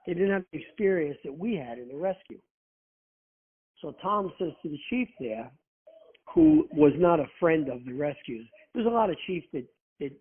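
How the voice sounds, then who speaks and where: Husky guy telling wild firehouse stories with lots of swearing, sounds like a phone call. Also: fairly high pitch. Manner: profane, animated storyteller who acts out quotes. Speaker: guest, former rescue firefighter. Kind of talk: casual anecdote telling. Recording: tinny phone line.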